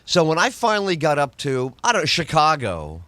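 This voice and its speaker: A middle-aged radio host and comedian from New York, USA, tells stories in conversation, acting out other people's lines in lively voices. His fairly high voice moves a little fast, and the recording is dry.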